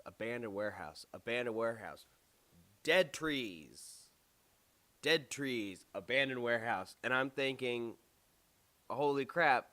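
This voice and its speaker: A young man telling a casual, animated story from his own life, acting out the other people's lines in quick voices. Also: lowish voice. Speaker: storyteller vlogger.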